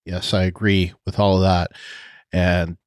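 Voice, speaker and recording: Man, podcast co-host, low voice, casual chat, dry close sound. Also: flat delivery, measured pace, no echo. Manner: chatty, laughs often, trails off with fillers.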